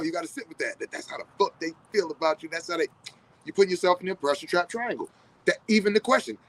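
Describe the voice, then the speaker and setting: A man's voice: fairly high pitch, fast talker, a bit bright, low-quality recording. A man in a reflective casual monologue, speaking directly to his viewers in a conversational, profane way. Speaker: vlogger.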